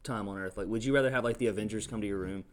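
A man's voice: lowish voice, racing. A young man telling stories and blunt jokes in casual podcast chat at a table mic. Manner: laughing storyteller, blunt jokes. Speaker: podcast co-host. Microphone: studio mic at a table.

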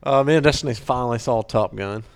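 A man's voice: mid-range voice, quick pace, crowd noise. A man chatting casually on a podcast in a laid-back way, with short remarks. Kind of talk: casual chat.

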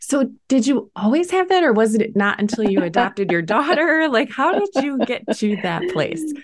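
A woman's voice: a little high, sing-song, moderate pace. A woman hosting a podcast interview, chatting casually and responding with enthusiastic, affirming remarks. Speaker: podcast host.

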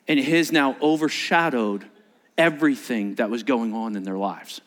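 A man preaching a sermon as a pastor, animated and acting out quotes in changing voices. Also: medium pitch, moderate pace.

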